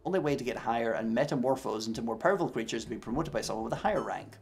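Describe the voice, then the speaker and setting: A man's voice: medium pitch, very fast, darkish tone, natural voice. A man voicing a sly little red winged devil scribe in tabletop role-play, smug and lawyerly. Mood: candid. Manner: smug, wheeling-dealing lawyerly patter.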